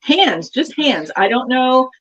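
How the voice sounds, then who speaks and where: A woman's voice: high voice, sing-song, slow, a bit bright, muffled recording. A woman from Texas, a guest author, chatting casually in an interview with many fillers and asides.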